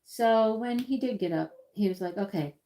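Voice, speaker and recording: A livestream host with a fairly high, warm voice chats at a moderate pace while crafting at her table at home. The woman's talk is casual and rambling, with frequent repetition of words.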